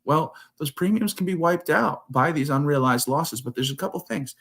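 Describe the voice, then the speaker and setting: A man's voice: on the high side, moderate pace, few pauses. A man hosting a trading talk show, explaining casually and acting out his talks with clients. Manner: animated, acts out quoted conversations. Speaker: show host.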